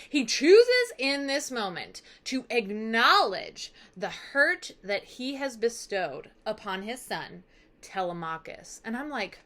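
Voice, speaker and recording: A woman teacher giving a casual, chatty lesson recap, animated and dramatic. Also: high voice.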